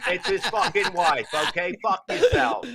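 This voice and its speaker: A man's voice: high-pitched, very animated, moderate pace, gravelly, a loud crowd. A man hosting a comedy radio show, telling a story in a profane, ranting way. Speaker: host. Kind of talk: casual comedy radio banter.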